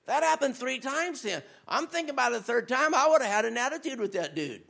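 A man with a very high, gravelly voice preaches a sermon as a visiting preacher. He talks to the congregation in a loose, conversational way and builds up to shouts. When he reads scripture, he drops lower and slows down. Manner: conversational and animated, rising to shouts. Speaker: guest preacher.

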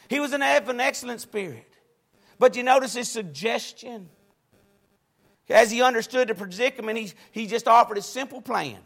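A man preaching a sermon, with a preaching cadence that swings from loud exclamations to quiet asides. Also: sits high.

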